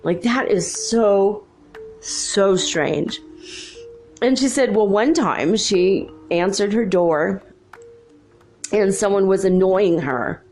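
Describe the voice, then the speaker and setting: A woman hosting a talk show, telling a story casually, chatty and laughing often as she quotes people in lively voices. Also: medium pitch, slow, pauses often, faint music behind. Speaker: podcast host.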